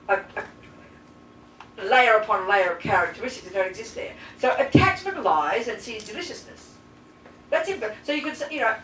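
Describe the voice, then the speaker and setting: A woman teaching as a Buddhist nun to a live class, blunt and lively, firing rhetorical questions at her listeners. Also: fairly high pitch. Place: teaching room with audience. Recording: roomy echo, distant mic, faint hiss.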